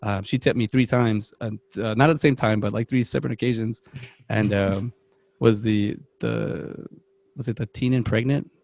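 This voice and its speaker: A man's voice: fairly low pitch, steady tone, moderate pace, creaky, darkish tone. A young man, co-host of a podcast, telling rambling stories in casual chat and acting out the voices of people he quotes. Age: young adult.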